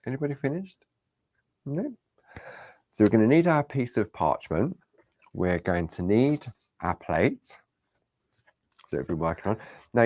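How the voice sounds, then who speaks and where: Deep-voiced, chatty male craft tutor. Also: darkish tone, dry recording. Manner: chatty, reassuring, talks to viewers. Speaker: crafting demonstrator.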